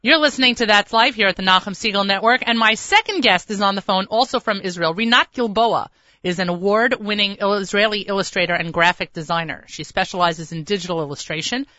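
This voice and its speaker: Effusive woman radio host, bright forceful voice, dry slightly dull lo-fi sound. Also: medium pitch, fairly quick, no echo. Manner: effusive, enthusiastic. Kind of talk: radio interview.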